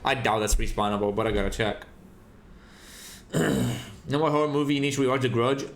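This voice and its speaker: A man's voice: medium pitch, fairly quick, creaky, echoey room, slight background noise. A man streaming a game and chatting casually, ranting with lots of swearing. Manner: profane, animated ranting. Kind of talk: casual chat while gaming.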